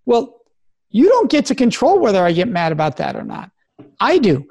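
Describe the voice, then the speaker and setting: A man's voice: sits high, wildly swooping pitch, moderate pace, gravelly, darkish tone, husky. A man, a guest expert in an interview, talking in an earnest, emphatic way as he gives advice. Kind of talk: interview conversation.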